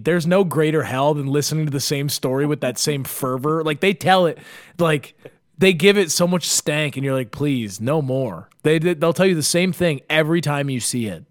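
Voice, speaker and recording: A man co-hosting a podcast, telling a story in casual, animated chat and acting out the people in it. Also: fairly high pitch. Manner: animated, acts out quotes, swears a lot. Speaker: podcast co-host.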